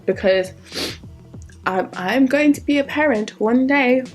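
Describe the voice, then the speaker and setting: Casual vlogger, woman in her 20s, higher voice, chatty and candid, faint music behind. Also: a little slow. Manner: chatty, candid, drifting into asides. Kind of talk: casual Q&A vlog.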